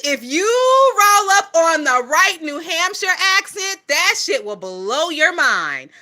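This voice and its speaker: Southern woman in her 20s gossiping on a phone stream, cussing a lot, higher voice with a sharp edge. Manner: profane, gossipy, laughs often. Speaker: livestream gossip host. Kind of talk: casual livestream chat.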